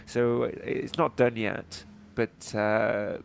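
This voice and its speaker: Nasal, gravelly commentator. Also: male voice, fairly low pitch, level tone, takes it slowly. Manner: dry, joking asides. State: congested from allergies. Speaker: race commentator. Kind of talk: live motorsport commentary. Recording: faint ambient noise.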